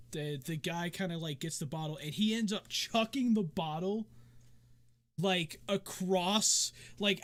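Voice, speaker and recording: A high-voiced man narrating a tabletop game as game master. He talks loosely and casually, circling back and restarting his sentences. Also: fairly bright tone. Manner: loose, full of fillers and restarts.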